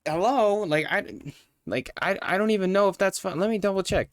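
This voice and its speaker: A man's voice: high voice, a little fast, no room sound, clean studio sound. A man streaming live, ranting in a profane, heated, rambling way while reviewing a show.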